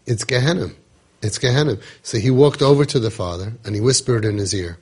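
Husky emphatic man telling a story. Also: medium pitch, fairly quick, a little mellow. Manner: emphatic, repetitive, dramatic retelling. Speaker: parenting coach. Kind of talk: podcast storytelling talk.

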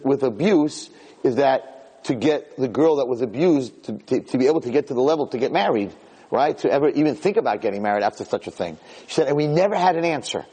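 A man, a rabbi, giving a lecture as an animated storyteller who acts out voices. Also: medium pitch, breathy edge.

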